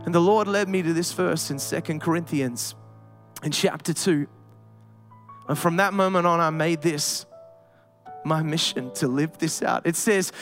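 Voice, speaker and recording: A man preaching a sermon to a congregation, telling a personal story and building up to loud, emphatic preaching. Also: fairly high pitch, measured pace, long pauses, faint music behind.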